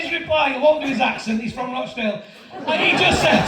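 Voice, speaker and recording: High-voiced comic in his fifties. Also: brisk, heavy background noise. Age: 50s. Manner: profane, storytelling, animated. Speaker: stand-up comedian. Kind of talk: stand-up routine. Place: large comedy venue with audience laughter. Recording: echoey venue recorded from far off with crowd. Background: audience laughing.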